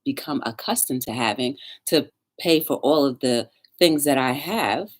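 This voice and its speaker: A woman's voice: very deep voice, normal speed. A woman hosting a talk show, telling a story in a casual livestream chat and talking straight to her viewers. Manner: chatty, animated, talks straight to viewers.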